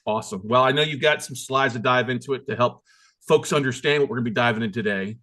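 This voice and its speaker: A man hosting a show, energetic and enthusiastic as he introduces and interviews a guest. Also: medium pitch, quick pace. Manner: hyped, enthusiastic, emphatic. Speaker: podcast host.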